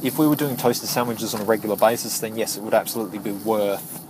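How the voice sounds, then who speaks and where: Man vlogging from a moving car, fairly low voice, halting rambling delivery, clear road noise behind. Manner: rambling, halting, with frequent restarts. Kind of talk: casual storytelling while driving. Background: vehicle noise.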